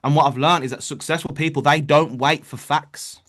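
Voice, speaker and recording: A man with a slightly higher voice gives a loose, off-the-cuff pep talk on a group call. He restarts his sentences often and talks to listeners like mates. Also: fairly even intonation, normal speed, fairly bright tone. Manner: casual, repetitive restarts, says bro and man. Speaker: network marketing leader. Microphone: online call.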